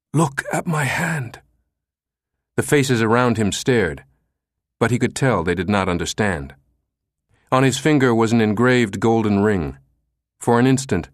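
Male audiobook narrator, low voice, very animated delivery, dry close sound. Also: dry recording. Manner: lively, expressive reading that shifts pitch for each character.

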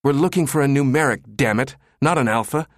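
A man reading the part of a huge, gruff male systems chief who snaps and growls sarcastically. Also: medium pitch, brisk, dry recording, clean studio sound, pitched above the performer's own voice, close to an everyday voice. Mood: gruff exasperated.

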